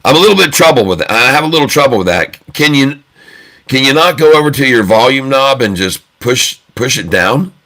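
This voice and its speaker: A man hosting a casual day-trading live stream from his phone, talking in a booming, loud and animated way. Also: brisk.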